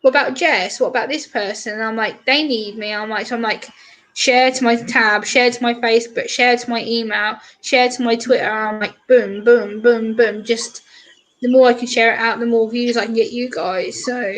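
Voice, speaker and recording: A woman chatting on a live stream, retelling stories in an animated way with lots of quoted voices. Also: a little high, moderate pace. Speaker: streamer guest. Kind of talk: casual chat on a live stream.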